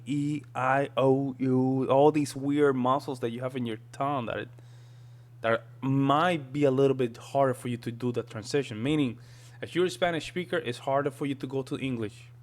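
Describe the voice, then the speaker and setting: A man hosting a reaction video, thinking out loud in a loose, chatty way. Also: medium pitch. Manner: thinking aloud, restarts and fillers, chatty asides. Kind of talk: casual reaction commentary.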